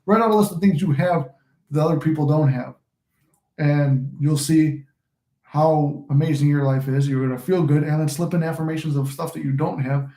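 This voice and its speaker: A man's voice: a little high, fairly even intonation, normal speed, mellow, reverberant. A man who coaches manifestation, giving a casual, rambling motivational talk to camera and swearing now and then.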